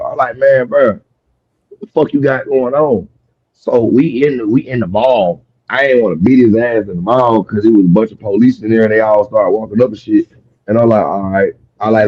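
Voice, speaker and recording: A man's voice: medium pitch, fairly quick, husky, no room sound, lo-fi sound. A man telling a long, profane story in a rambling way during a street interview, with many restarts and fillers. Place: outdoors on a city street.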